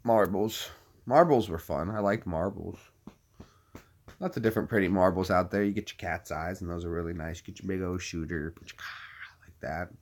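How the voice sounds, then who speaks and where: A man's voice: sits low, moderate pace. A man in his thirties chatting casually to a live-stream audience, rambling and joking. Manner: rambling, jokey, puts on silly voices.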